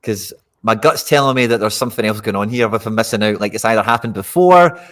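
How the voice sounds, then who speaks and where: A man's voice: on the low side, fast talker, fairly bright tone. Chatty Scottish man hosting a stream. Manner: chatty, addresses viewers directly. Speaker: host of a live fantasy football stream. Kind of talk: casual live-stream chat.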